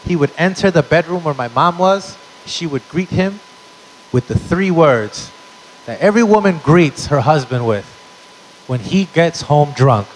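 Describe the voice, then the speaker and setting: Here a young man on the higher side of the male range performs stand-up at a live venue, his stories brash, punchy and full of profanity. There's slight background noise, and the audio is rough.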